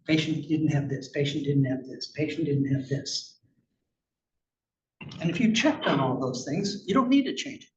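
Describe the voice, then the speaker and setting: A man's voice: a little high, lively intonation, normal speed, a little mellow. A man giving a conversational, emphatic conference presentation about clinical research with slides, asking rhetorical questions as he goes. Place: conference room. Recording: echoey, distant, muffled room recording with faint noise.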